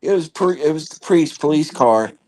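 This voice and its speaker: A man's voice: fairly high pitch, expressive, moderate pace, darkish tone, a little hiss or hum. A man from Maryland telling a rambling story in casual chat, laughing often.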